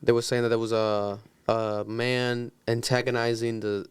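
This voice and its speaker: A man co-hosting a podcast who recounts events in a casual, measured way. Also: medium pitch, little pitch movement, smooth, dry recording.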